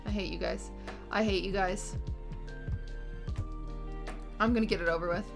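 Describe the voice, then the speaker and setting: A woman's voice: medium pitch, fairly even intonation, normal speed, vocal fry, over music. A woman livestreamer chatting with her audience from home at night, blunt and exasperated, swearing freely. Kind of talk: casual chat to a stream audience. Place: home at night, roommates nearby.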